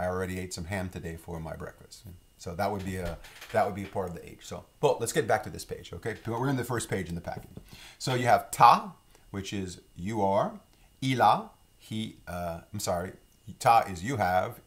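A middle-aged man from Louisiana with a Cajun accent, giving a casual language lesson in a relaxed, rambling way with many fillers. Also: lowish voice. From Louisiana, Lafourche Parish. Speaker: French teacher.

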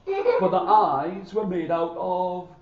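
A man telling a folk tale to children, dramatic and lively, often calling on the audience to join in. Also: high-pitched, slow, roomy sound, muffled recording, crowd noise. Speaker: storyteller. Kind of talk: animated storytelling to children.

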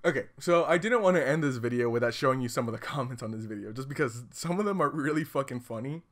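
A man giving comedic video commentary, sarcastic and prone to loud outbursts. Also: medium pitch, expressive, fast talker.

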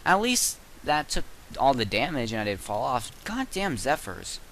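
A teenage boy giving casual gameplay commentary at his computer, cursing and yelling in sudden frustrated outbursts. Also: mid-range voice, very animated, normal speed, a little hiss or hum, rough recording. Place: bedroom at a computer.

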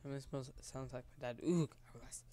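A man's voice: medium pitch, fairly even intonation, normal speed, warm tone. A man giving casual gameplay commentary in nervous, rambling remarks. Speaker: gamer.

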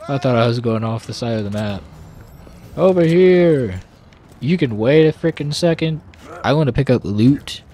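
A man's voice: medium pitch, a little fast, dark tone. A man hosting his own gaming channel, casually commenting on his play and grumbling back at the game's characters.

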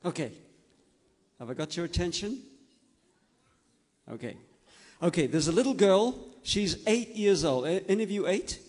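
In a large hall with a long echo, a man tells children a story, gently coaxing and checking in with them. His voice is a little high and husky, animated, at normal speed with long pauses.

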